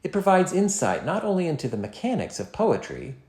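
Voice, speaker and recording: Male lecturer, measured scripted delivery with animated pitch, recorded in an echoey room. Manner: measured, expressive reading with dramatic poetry recitals. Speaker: literature lecturer.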